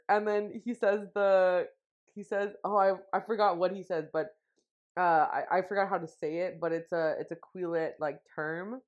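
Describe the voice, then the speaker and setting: A young woman co-hosting a podcast, chatting in a rambling way full of fillers and restarts. Her voice sits a little low for a woman. The recording is muffled and lo-fi. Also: measured pace, long pauses, a little mellow. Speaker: podcast co-host. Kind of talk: casual chat.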